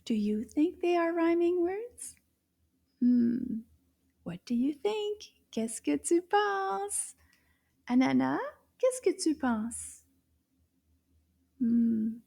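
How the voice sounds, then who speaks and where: A woman teaches young children in a slow, patient voice. Her voice sits high but sounds mellow, and she often drops to a soft whisper. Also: creaky. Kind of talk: slow, clear teaching to kids.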